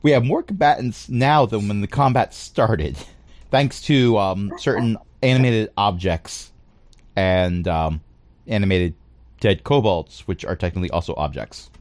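A man narrating a tabletop game as game master, pausing often with fillers. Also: lowish voice, a little mellow. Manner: hesitant, with many fillers.

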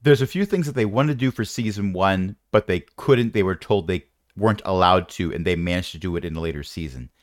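A man's voice: sits low, a little fast, hardly any pauses, no echo, clean studio sound. A man narrating as game master in a tabletop game, wry and rambling with playful jokes.

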